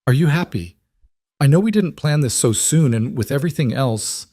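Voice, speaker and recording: A man lending his low voice to a gentle young wife on the frontier, earnest and tender, speaking softly in a western storybook tale. The recording is dry and close, with no room sound at all. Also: expressive, normal speed, no room sound.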